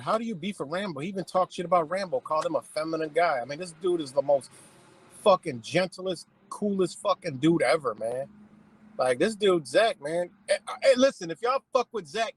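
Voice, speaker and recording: Man, husky voice, high-pitched, heated profane rant. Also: poor audio. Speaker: commentary channel host.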